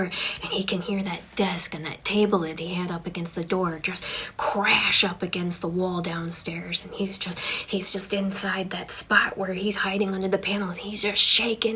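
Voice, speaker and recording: A woman telling a spooky campfire ghost story in a hushed, mostly whispered voice. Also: fairly low pitch, steady tone, a little slow, a little hiss or hum, rough recording.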